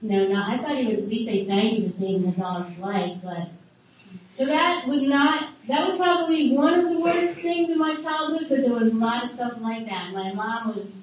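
A middle-aged woman candidly telling her life story to a live group, halting often and adding wry asides. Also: high-pitched, a little hiss or hum. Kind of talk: personal testimony to a live group. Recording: echoey room heard from a distance.

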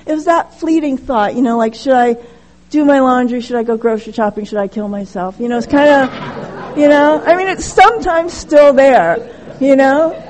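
A middle-aged woman speaking at a recovery meeting, telling her story candidly and haltingly, with many restarts. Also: sits high, darkish tone, a faint crowd, a little hiss or hum, low-quality recording. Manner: halting, frequent restarts and "you know", candid. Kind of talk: personal recovery share, casual storytelling.

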